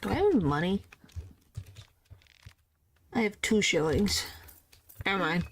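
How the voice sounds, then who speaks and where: A woman's voice: medium pitch, sing-song, slow, husky. A woman streaming a horror game, talking casually and reacting with exasperated disbelief. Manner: exasperated, incredulous, says "frickin'" a lot. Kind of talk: casual gameplay commentary.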